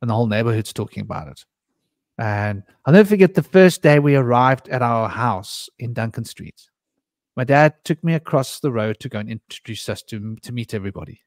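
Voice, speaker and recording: A man's voice: medium pitch, expressive, brisk, dry recording, studio quality. Rambling anecdotal male storyteller. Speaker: podcast host. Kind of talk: candid storytelling conversation.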